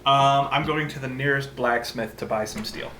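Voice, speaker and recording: A man playing a tabletop game who speaks in a deliberate way and laughs often. His voice sits at a middle pitch. The recording has a roomy echo. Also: steady tone, noisy background. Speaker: player.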